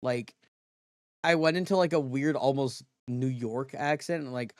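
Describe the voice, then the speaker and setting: A man livestreaming in relaxed casual chat, rambling and correcting himself as he goes. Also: medium pitch, normal speed, no room sound, studio quality.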